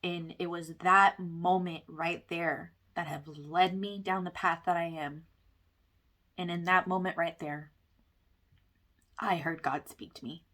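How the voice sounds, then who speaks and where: A woman's voice: on the low side, steady tone, measured pace, a bit bright. Earnest woman telling a spiritual story. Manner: earnest, rambling with fillers and laughs. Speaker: wellness vlogger. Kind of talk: personal testimony monologue.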